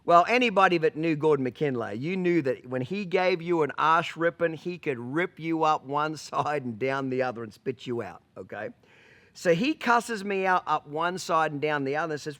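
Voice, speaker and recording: A man's voice: a little high, normal speed, a bit bright. A man telling a story as a horse trainer, blunt and profane, punctuating points with rhetorical questions. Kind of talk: storytelling vlog.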